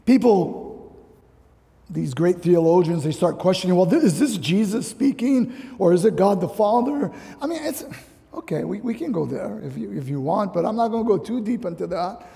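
A man from Hawaii preaching a sermon as pastor, emphatic and animated with casual slang asides, in a church hall. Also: sits high, moderate pace, gravelly. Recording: long hall reverb.

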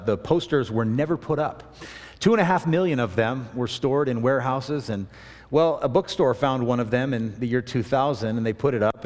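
A man preaching a sermon in a relaxed, conversational way, mixing scripture with self-deprecating stories. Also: medium pitch, big-room sound. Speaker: pastor.

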